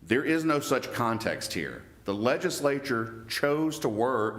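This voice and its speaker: A man arguing an appeal for the appellee in court, measured and emphatic about the exact words, with occasional restarts. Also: mid-range voice, big pitch swings, a bit bright, echoey room. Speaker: attorney for the appellee. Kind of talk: appellate oral argument.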